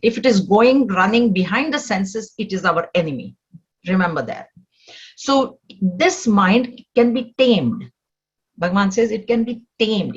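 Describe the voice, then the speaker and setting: A woman's voice: medium pitch, husky, highs cut off. A woman teaching a spiritual scripture class, explaining step by step and asking rhetorical questions.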